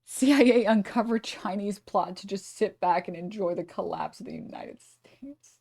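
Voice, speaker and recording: A woman's voice: mid-range voice, moderate pace, creaky, darkish tone, breathy edge, no room sound. Woman streamer ranting over clips, swears a lot, keeps cutting herself off, dry close sound. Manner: profane, rambling, self-interrupting. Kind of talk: casual reaction commentary.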